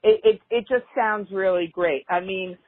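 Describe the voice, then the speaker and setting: A woman co-hosting a podcast in casual chat, an animated storyteller who swears freely. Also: mid-range voice, moderate pace. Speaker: podcast co-host. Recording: tinny phone-like audio.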